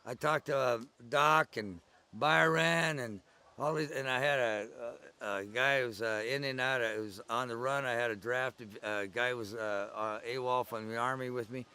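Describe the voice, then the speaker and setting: A man's voice: mid-range voice, fairly even intonation, moderate pace, sharp tone, clear, resonant tone. An older man recalling his early days at the gathering in a rambling, conversational oral-history style. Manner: rambling, conversational storytelling with digressions.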